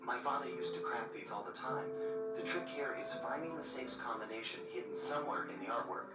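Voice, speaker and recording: A cool master thief talks calmly and with quiet confidence, voiced by a man. The game sound rings through an echoey room from a distance, under loud music. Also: mid-range voice, a little fast, lightly acted. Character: cool male master thief, calm and assured. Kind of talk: video game cutscene acting.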